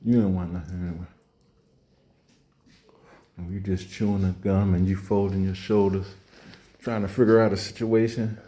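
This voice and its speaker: Mellow low-voiced man acting out scenes. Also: level tone. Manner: rambling, acts out little scenes with quick character asides. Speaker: comedian. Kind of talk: observational comedy monologue.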